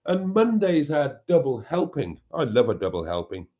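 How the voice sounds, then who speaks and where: A man's voice: a little high, big pitch swings, moderate pace, mellow. A man hosting a live stream, chatting in a rambling way and reading viewer comments aloud. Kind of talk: casual live-stream chat.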